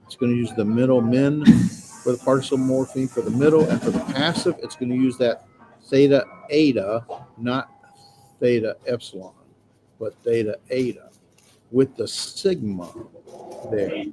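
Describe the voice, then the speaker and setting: A man's voice: medium pitch, normal speed, background noise. Patient male instructor explaining grammar. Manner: patient, explanatory, reassuring, with frequent filler sounds. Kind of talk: classroom lecture. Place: classroom with students.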